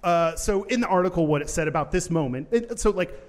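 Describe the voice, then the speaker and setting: A man with a high-pitched voice tells a story on stage at a live podcast show. He talks with lots of energy and jumps into even higher voices for quotes. His voice rings through a large, reverberant venue. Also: brisk. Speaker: podcast co-host.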